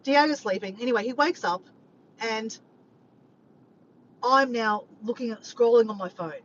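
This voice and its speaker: A woman rambling to her viewers on a live stream, animated and swearing freely. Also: fairly high pitch, normal speed. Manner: animated, swears often, keeps addressing "guys". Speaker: vlogger doing a live stream. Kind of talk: rambling casual chat to viewers. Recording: slightly muffled, faint background noise.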